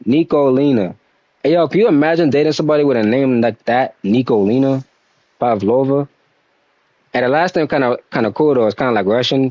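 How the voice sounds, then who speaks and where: A man's voice: mid-range voice, a little fast, a little mellow, no room sound, low-quality recording. A young man chatting casually on a game stream, laid-back and slangy, talking to his viewers.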